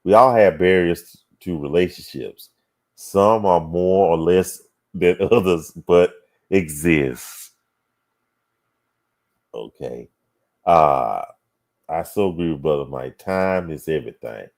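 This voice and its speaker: A man's voice: sits low, lively intonation, takes it slowly, long pauses, a little mellow. A man hosting a casual talk show, reading viewer comments aloud and musing on them with hums and sighs. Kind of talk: casual livestream chat.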